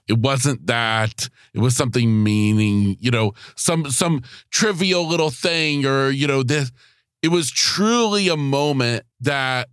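A man's voice: mid-range voice, fairly bright tone, dry recording, clean studio sound. A man hosting a podcast, reflecting back on his guest's story in a casual, encouraging way. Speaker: podcast host. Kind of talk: casual interview chat.

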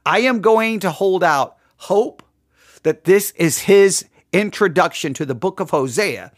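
A man's voice: high-pitched, expressive, unhurried, dry recording, clean studio sound. A man giving casual commentary on a sermon clip, chatty and wry, often repeating his phrases.

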